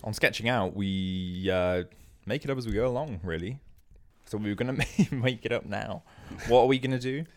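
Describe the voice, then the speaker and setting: Low-voiced man riffing absurd jokes. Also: fairly quick, soft background music. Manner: jokey, throws in absurd ideas. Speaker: comedy podcast co-host. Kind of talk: improvised comedy banter.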